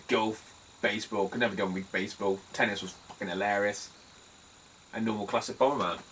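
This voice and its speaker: A man's voice: fairly low pitch, sharp tone, recorded from a distance, slight background noise, rough recording. A British man chatting casually in a vlog about his retro game finds, rambling, swearing freely and laughing as he tells stories. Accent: British English. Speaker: retro game collector vlogger.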